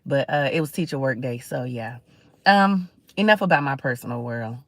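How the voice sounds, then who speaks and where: A woman's voice: a bass voice, moderate pace, a bit bright, no room sound. A middle-aged woman hosting a casual livestream, talking in a chatty, preachy way and greeting viewers. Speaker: livestream host.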